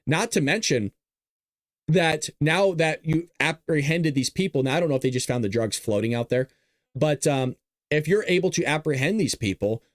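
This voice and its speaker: A man hosting a political commentary show, casually rambling with crude, excitable remarks. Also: on the high side, moderate pace, no room sound, studio quality. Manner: excitable, crude, rambling, with self-amused laughs.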